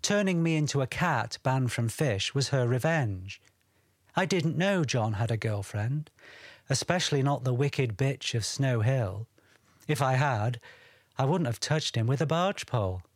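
A man voicing a gentle, shy young woman freed from a spell, speaking softly in an audiobook. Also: mid-range voice, animated, measured pace, no echo, studio quality. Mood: recounting. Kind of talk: audiobook character reading.

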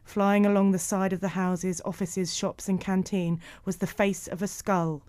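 A woman narrating a storybook in an even, measured way. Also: mid-range voice, no echo.

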